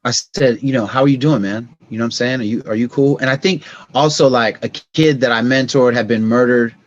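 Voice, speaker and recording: Brisk and mid-range in voice, a middle-aged man guesting on a podcast recounts stories in casual talk, acting out scenes with sound effects and turning gentle and reflective when emotions come up. The sound is lo-fi.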